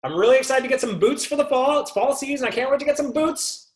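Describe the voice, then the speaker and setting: A man voicing an excited woman shopper looking for boots, speaking eagerly in a raised voice. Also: measured pace. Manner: eager, chirpy, high-pitched. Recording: echoey room.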